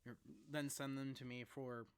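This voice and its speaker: A young man vlogging casually into a laptop mic, rambling and laughing as he talks, sometimes rushing and sometimes slowing down. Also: mid-range voice, flat delivery, clear, resonant tone. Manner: rambling, laughs often, jumps between fast and slow. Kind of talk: casual to-camera vlog.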